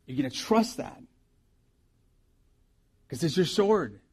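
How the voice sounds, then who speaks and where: A middle-aged male pastor delivers a sermon in a slightly higher voice than most men. He tells stories with lively, swooping pitch and sudden jumps between quiet asides and loud bursts. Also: slow, husky. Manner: animated storytelling with big swings in loudness.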